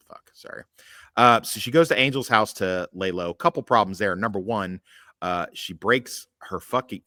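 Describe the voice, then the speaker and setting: Animated, profane male podcast host. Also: fairly low pitch, dry recording, studio quality. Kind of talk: casual podcast chat.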